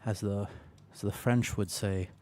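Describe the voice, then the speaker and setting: Soft-spoken playful male streamer. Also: lowish voice, fairly even intonation, measured pace, a little hiss or hum. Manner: playful, chatty, talks to chat by name. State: speaking quietly to rest a sore voice. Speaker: livestreamer. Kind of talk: casual chat while gaming. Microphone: close desk microphone.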